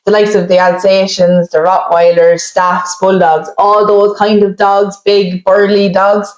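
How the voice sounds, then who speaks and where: A woman's voice: medium pitch, level tone, a little slow. A young Irish woman co-hosting a podcast in casual chat, frank and joking as she leads the segments. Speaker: podcast co-host. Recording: roomy with faint background noise.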